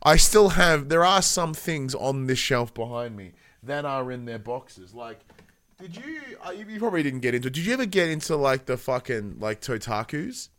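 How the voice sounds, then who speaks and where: A man's voice: mid-range voice, sing-song, moderate pace, fairly bright tone, dry recording. Rambling Australian man on a podcast. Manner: rambling, self-deprecating storyteller with many fillers. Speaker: podcast co-host. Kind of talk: casual chat.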